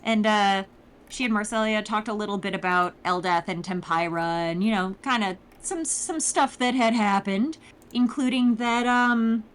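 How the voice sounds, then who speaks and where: A woman's voice: mid-range voice, moderate pace, smooth. A woman casually recapping a tabletop campaign in a rambling, informal way.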